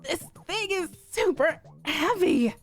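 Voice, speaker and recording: A woman voicing a sly, playful young woman with a drawn-out, showy delivery. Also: very high-pitched, lively intonation, pitched above the performer's own voice, exaggerated voice. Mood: smug. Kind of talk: fanfic read-aloud on stream.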